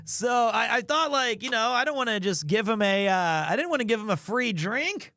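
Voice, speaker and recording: A man's voice: very high voice, lively intonation, moderate pace, bright, forceful tone, no room sound. A man streaming, telling a funny story in a rambling, self-mocking way. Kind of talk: casual storytelling.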